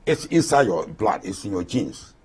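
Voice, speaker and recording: A man's voice: fairly low pitch, very animated, moderate pace, slightly rough. A man in his eighties with a Ghanaian accent, an interview guest speaking with passion and repeating points for emphasis. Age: 80s. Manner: impassioned, repeats himself for emphasis.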